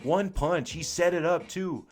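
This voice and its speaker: A young man doing live fan commentary on a boxing match, excited and slangy, full of exclamations. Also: a little high, unhurried.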